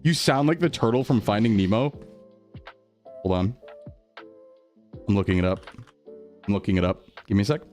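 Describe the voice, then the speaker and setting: A man from New England streaming live, chatting casually with his chat and thanking viewers in an upbeat way that often jumps high with excitement. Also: normal speed, long pauses, soft background music.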